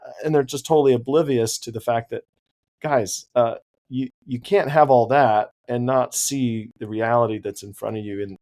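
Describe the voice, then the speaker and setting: A man with a medium-pitched, somewhat dark voice speaks at a normal pace with fairly even intonation. He's co-hosting a podcast, chatting casually and animatedly about books and laughing easily.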